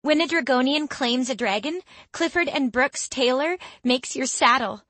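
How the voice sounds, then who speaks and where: A woman doing a bubbly, high young student. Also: normal speed, fairly bright tone, dry recording. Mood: excited. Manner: eager, gushing. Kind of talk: audiobook character voice.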